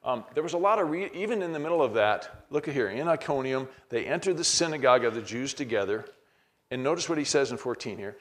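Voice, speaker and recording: A man's voice: medium pitch, lively intonation, fast talker, a bit bright. Middle-aged guy teaching a bible class, chatty, keeps restarting and reading passages out. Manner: conversational, many restarts, walks through verses aloud.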